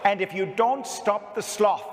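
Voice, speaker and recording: A man putting on a stern old Irish nun who teaches young children, ranting at the class in a booming voice with an Irish accent. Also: unhurried. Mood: scolding. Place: church. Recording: echoey church hall reverb.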